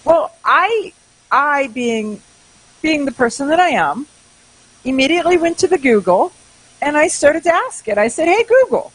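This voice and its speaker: A woman's voice: high voice, moderate pace, no room sound, low-quality recording. A woman co-hosting a talk radio show, chatting casually and telling stories with open sarcasm. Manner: sarcastic, animated storytelling.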